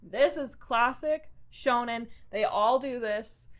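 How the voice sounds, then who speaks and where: High-voiced chatty woman podcaster. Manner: animated, slangy retelling with quick acted quotes. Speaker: podcast co-host. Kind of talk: casual recap chat.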